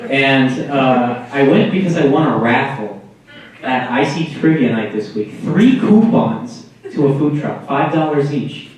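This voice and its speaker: Exasperated young male stand-up comedian. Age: 20s. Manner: wry, exasperated, jumps into high voices for quoted people. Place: college comedy show room with live audience. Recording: roomy echo, distant mic, audience noise.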